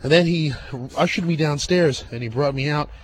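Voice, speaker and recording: A man's voice: a little high, normal speed, a little hiss or hum. A man hosting a radio show, casual and chatty, out of breath. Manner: chatty with fillers. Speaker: radio host.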